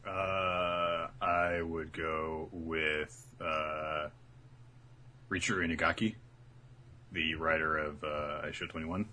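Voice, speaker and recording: A man's voice: very deep voice, little pitch movement, slow pace, pushed and bright, a little hiss or hum. A man co-hosting a casual podcast, talking things through analytically with hesitant restarts. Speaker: podcast co-host.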